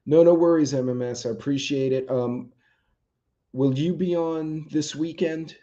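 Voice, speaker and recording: His voice is fairly high, steady, unhurried and warm as he hosts a casual live stream. He chats loosely with viewers, reads their comments, and rambles with lots of ums, in dull, lo-fi stream audio.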